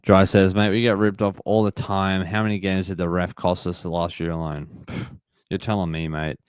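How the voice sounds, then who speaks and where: Low-voiced man reacting to a game. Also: little pitch movement, moderate pace, clean tone, no room sound, clean studio sound. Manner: frustrated, reacts to plays and reads chat aloud. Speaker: livestream host. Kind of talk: live sports watch-along commentary.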